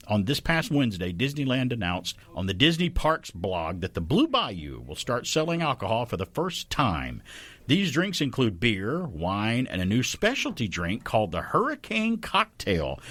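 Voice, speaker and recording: A man hosting a casual radio talk show, chatty and quick to laugh. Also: mid-range voice, slightly rough, no echo. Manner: animated, chatty, laughs often.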